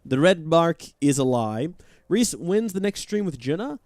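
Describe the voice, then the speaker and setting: A man's voice: on the high side, sing-song, unhurried, a little mellow, dry recording, clean studio sound. A man chatting and joking while playing a game live, talking to his viewers. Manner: chatty, joking, reads chat aloud. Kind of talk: live let's-play commentary.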